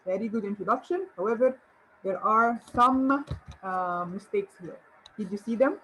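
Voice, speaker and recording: A woman's voice: a little high, lively intonation, normal speed, a bit bright, a little hiss or hum, rough recording. A woman English teacher giving an online grammar lesson, encouraging and asking her viewers questions. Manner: encouraging, rhetorical questions and praise.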